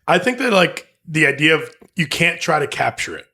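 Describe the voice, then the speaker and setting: Halting, filler-heavy man, raised pitch. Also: sing-song, bright, forceful tone. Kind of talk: casual podcast chat.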